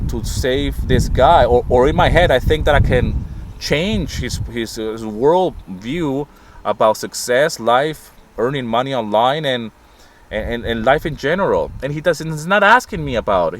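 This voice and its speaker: A middle-aged man talks in a passionate, rambling way, getting fired up as he goes. He is sitting in a parked car, with faint traffic noise outside. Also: mid-range voice. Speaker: vlogger. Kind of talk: casual vlog monologue.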